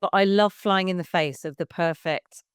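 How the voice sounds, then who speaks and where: A woman's voice: fairly low pitch, normal speed, smooth, dry recording, clean studio sound. A woman in her fifties, a baby music class leader, chatting frankly as a podcast guest and swearing casually. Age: 50s.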